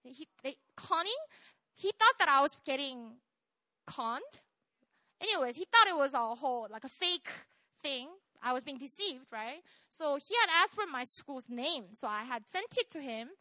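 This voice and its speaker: High bright young woman telling a story. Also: normal speed, no echo. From South Korea. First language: Korean. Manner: animated, laughing often, keeps asking "right?". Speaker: speaker sharing a testimony. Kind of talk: personal testimony storytelling.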